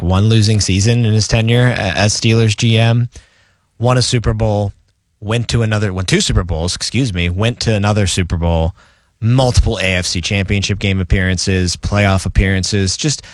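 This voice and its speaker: Low-voiced man breaking down sports. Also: dry recording. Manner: quick, analytical, with asides. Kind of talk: casual sports talk.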